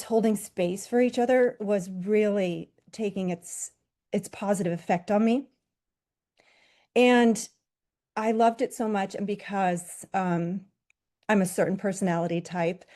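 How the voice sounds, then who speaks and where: Woman, 40s, yoga teacher from Los Angeles, candid storyteller, middle pitch, loose with fillers. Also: dark tone. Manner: earnest, candid, many fillers and self-corrections. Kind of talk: personal storytelling talk.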